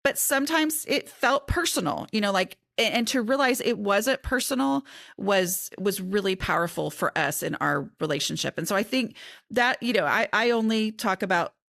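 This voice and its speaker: A middle-aged woman talks candidly as a podcast guest, circling back and restarting her thoughts as she goes. Her voice sits in a middle range with plenty of gravelly fry. The recording is dry and close, with no room sound. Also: medium pitch, animated, normal speed, a bit bright, no room sound. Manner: chatty, self-interrupting, candid. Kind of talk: casual conversation.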